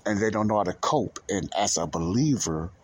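A man's voice: fairly low pitch, animated, moderate pace, breathy edge. A man hosting a Christian podcast, talking earnestly off the cuff, repeating himself and restarting his sentences. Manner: earnest, repetitive, restarts often. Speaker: podcast host. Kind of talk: casual Christian commentary.

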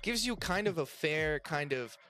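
A man's voice: fairly high pitch, lively intonation, unhurried, pushed and bright, a little hiss or hum. A man with an American accent, co-hosting a podcast, chatting casually about restaurant serving in a rambling way full of restarts. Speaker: podcast co-host and restaurant server. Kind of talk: casual chat.

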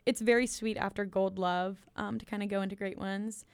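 Here the young American co-host talks through an album in a relaxed way, peppered with ums, likes and giggles. Her mid-range voice is clear and resonant, steady in tone and a little fast. There is no echo.

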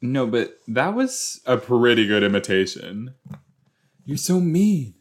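A man hosting a casual watch-along podcast, chatty and excitable, talking back at the screen as he reacts to a TV episode. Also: mid-range voice, takes it slowly.

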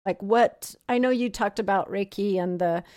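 A woman's voice: mid-range voice, normal speed, darkish tone, no echo, clean studio sound. A woman hosting an interview, encouraging her guest and asking about her spiritual practices. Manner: supportive, encouraging listener. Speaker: interview host. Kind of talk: casual interview.

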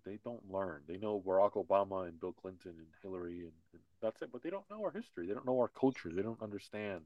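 A man's voice: lowish voice, no echo, dull audio. A man co-hosting a casual political podcast, talking in a heated, repetitive rant. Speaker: podcast co-host.

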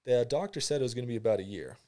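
A man's voice: medium pitch, racing, warm tone. Laid-back young man telling a story. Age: young adult. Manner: laid-back storytelling, slangy, acts out his own reactions. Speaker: college football player guest. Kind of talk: casual podcast chat.

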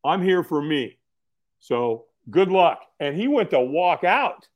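Middle-aged guy, folksy, earnest, voice sits a bit high. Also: very animated, takes it slowly. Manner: earnest, folksy, repeats words when starting sentences. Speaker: podcast guest. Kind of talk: casual storytelling.

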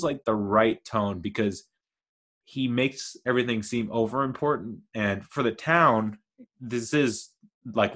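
Rambling low-voiced man reviewing films. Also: a bit bright. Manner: rambling, enthusiastic, digressive. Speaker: movie reviewer. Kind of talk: casual film commentary.

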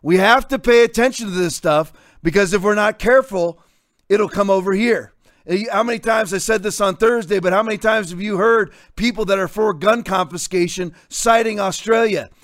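A man in his fifties hosts a talk show and rants with combative sarcasm. His voice sits high for a man. The recording is dry and close. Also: moderate pace, a bit bright, no room sound. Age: 50s. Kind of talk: opinionated commentary.

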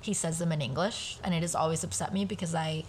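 A woman who speaks Spanish at home, a guest on a casual podcast, telling a family story in an animated way and swearing casually. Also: deep voice, fast, a little hiss or hum. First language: bilingual, speaks Spanish at home.

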